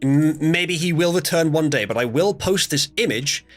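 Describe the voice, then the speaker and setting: Man, stream host, casual, rambling, hesitant, animated pitch. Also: normal speed, faint music behind. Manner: rambling, hesitant storytelling with many fillers.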